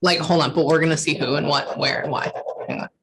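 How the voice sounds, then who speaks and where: A woman's voice: low-pitched, fairly even intonation, fast, noisy background. A woman working as a psychic medium in a casual reading, emotional and swearing freely, often stopping to say hold on. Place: lives in Texas.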